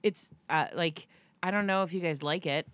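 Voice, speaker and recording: A woman's voice: on the low side, normal speed, dry recording. A woman co-hosting a podcast in casual chat, telling stories and acting out quotes. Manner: storytelling, animated quoting. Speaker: podcast co-host.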